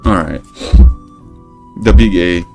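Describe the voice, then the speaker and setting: A man giving casual gameplay commentary, rambling and swearing, who gets animated when he tells stories. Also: low-pitched, slow, gravelly, faint music behind. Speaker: gaming channel host.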